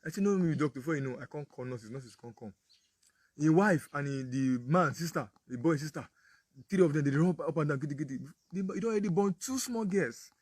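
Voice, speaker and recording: Husky Nigerian man telling a story. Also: a little high, brisk, darkish tone, no echo. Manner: storytelling, acts out dialogue. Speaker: apostle speaking on parenting. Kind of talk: casual Pidgin sermon talk.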